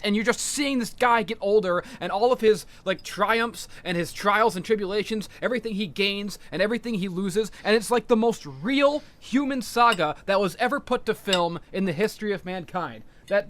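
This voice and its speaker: A high-pitched man co-hosting a podcast in casual chat. He rambles with excitement, swears freely and keeps restarting his sentences, in a bright, edgy voice. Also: moderate pace. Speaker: podcast co-host.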